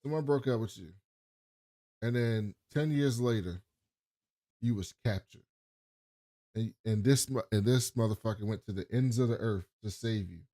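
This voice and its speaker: A man's voice: on the low side, moderate pace, pauses often, warm tone. A man co-hosting a podcast, casually retelling TV scenes with slangy asides. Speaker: podcast co-host. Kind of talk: casual recap chat.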